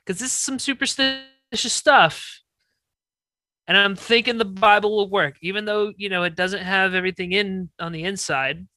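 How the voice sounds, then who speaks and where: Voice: medium pitch, normal speed, pushed and bright, dry recording. A player in a tabletop game, offhand and laughing often. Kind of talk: casual game chat.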